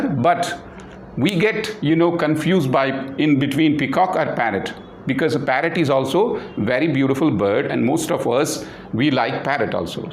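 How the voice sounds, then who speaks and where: A man's voice: mid-range voice, echoey room, slight background noise. A man with an Indian English accent teaching an English lesson, explaining patiently and repeating himself with many fillers. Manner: repetitive, many fillers, spells words out. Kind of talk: slow classroom explanation.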